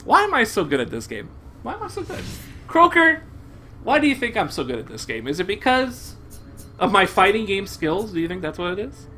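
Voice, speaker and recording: A young man streaming a game live, commenting in an excitable, profane way and bursting into shouts. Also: sits high, fairly quick, slight background noise.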